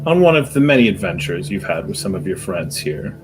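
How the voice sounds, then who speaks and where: A man narrating a tabletop role-playing game as game master, describing scenes in a measured way. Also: sits low, big pitch swings, over music.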